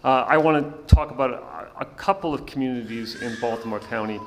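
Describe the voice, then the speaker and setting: A man, a professor, giving testimony at a public hearing in a relaxed manner with fillers. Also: mid-range voice, a little fast. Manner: relaxed, with fillers and light laughter. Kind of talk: informal public talk. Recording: hall reverb with faint noise.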